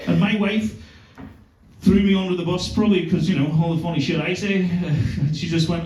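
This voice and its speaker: Performing stand-up in a comedy club, a Northern Irish man in his thirties tells self-mocking, swear-filled stories in his native accent. His voice is high-pitched and darkish, with little pitch movement and a normal speed. The roomy club recording has the highs cut off and a distant mic.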